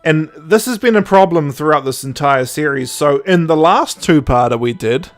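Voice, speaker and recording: A man's voice: fairly high pitch, expressive, moderate pace, faint music behind. A young man co-hosting a podcast, rambling and sarcastic in casual chat, laughing often. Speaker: podcast co-host.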